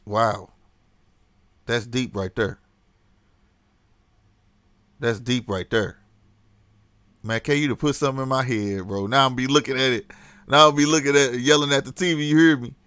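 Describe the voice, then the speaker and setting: A man with a medium-pitched voice hosts a casual livestream, speaking animatedly to his chat and reading its messages aloud. He laughs often, and the audio has no echo.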